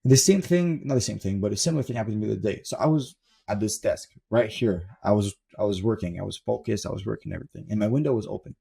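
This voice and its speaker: Gravelly, husky young man, profane and blunt. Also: on the low side, fast, warm tone. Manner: profane, emphatic, repeats for stress. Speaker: self-improvement coach. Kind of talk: blunt motivational monologue. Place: desk in his room at home.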